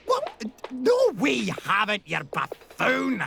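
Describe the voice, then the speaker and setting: A blustery Scottish owl train conductor, all gravel and bluster, his voice swinging wildly up and down as he hurls insults. He talks slowly, drawing out each word. Loud game music plays behind him. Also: very high-pitched, wildly swooping pitch, heavily acted. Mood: indignant. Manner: hot-tempered, shouting insults.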